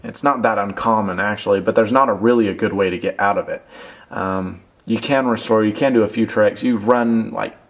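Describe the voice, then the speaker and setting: A man's voice: on the low side, brisk. A young man talking casually through a product review, telling a rambling self-deprecating story while handling a phone case. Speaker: tech reviewer.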